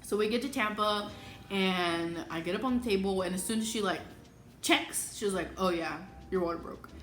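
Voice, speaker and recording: Animated young woman in an echoey room. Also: moderate pace. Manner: animated, acts out quoted speech in a higher voice. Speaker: vlogger telling her birth story. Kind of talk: casual storytelling. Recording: echoey room with clear background music.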